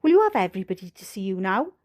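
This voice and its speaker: A woman's voice: mid-range voice, big pitch swings, darkish tone, close to an everyday voice. A woman with a Welsh accent voicing an embarrassed, impatient boy in an audiobook reading. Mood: flustered. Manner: hurried, impatient.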